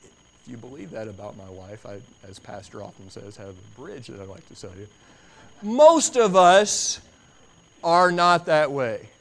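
A man preaching a sermon in an emphatic way, repeating phrases for stress and swinging from quiet to loud. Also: medium pitch, big pitch swings, measured pace, gravelly. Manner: builds from quiet to loud, dramatic.

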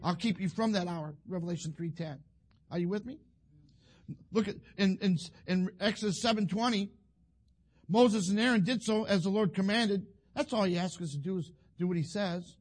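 A male preacher, giving a folksy sermon that builds to fervent shouting. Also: high voice, moderate pace.

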